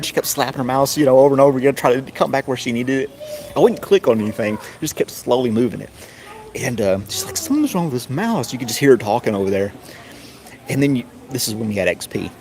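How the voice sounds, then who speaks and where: A middle-aged man casually telling a rambling story, often chuckling and mimicking others in a high voice. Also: a little mellow. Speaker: streamer. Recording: noisy background.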